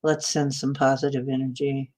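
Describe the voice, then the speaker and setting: A radio-trained woman with a flat Midwestern announcer accent, hosting a casual livestream and chatting with viewers as she reads their comments, laughing often. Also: extremely low pitch, normal speed. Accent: flat Midwestern American, announcer style. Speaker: host of a spiritual livestream.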